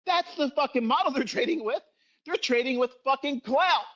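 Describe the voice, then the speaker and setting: A man's voice: very high voice, normal speed, fairly bright tone, muffled recording. A middle-aged man giving a profane, scolding lecture as a trading educator in a livestream rant.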